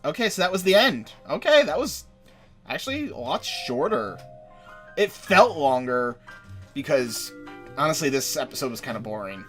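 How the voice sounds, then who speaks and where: A man's voice: a little high, sing-song, moderate pace, fairly bright tone, soft background music. A man giving casual commentary as he plays a game, rambling and correcting himself as he goes. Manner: rambling, self-correcting asides. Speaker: let's player.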